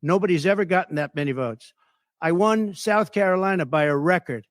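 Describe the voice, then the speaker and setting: A man fielding reporters' questions at a press conference, boasting and repeating his points with heavy emphasis. His voice sits a little high for a man. The sound is dry and close. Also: fairly quick, dry recording. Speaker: political candidate at a press conference.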